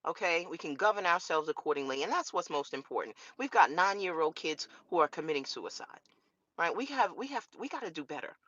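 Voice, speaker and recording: A woman's voice: lowish voice, fairly bright tone, no room sound, muffled recording. A woman vlogger, ranting straight to camera on her law channel with profanity and rhetorical questions. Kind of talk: casual straight-to-camera rant.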